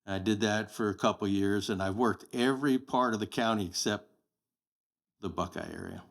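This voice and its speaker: Blunt, anecdotal man in his sixties; low-set voice, relaxed interview storytelling. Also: moderate pace. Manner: plain-spoken, anecdotal, blunt. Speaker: podcast guest, sheriff candidate.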